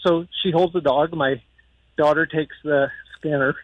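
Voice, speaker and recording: A man's voice: fairly high pitch, fairly even intonation, normal speed, no room sound, narrow, tinny audio. A middle-aged man calling in to a radio show on the phone, chatty and laughing as he tells a story. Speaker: radio caller. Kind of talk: casual storytelling.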